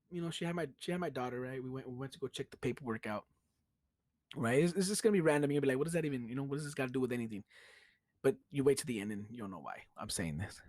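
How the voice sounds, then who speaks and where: A young man from the United States with a Chicano English accent hosts his own podcast, telling a story casually and profanely and laughing often. His voice is mid-range and the recording is dry.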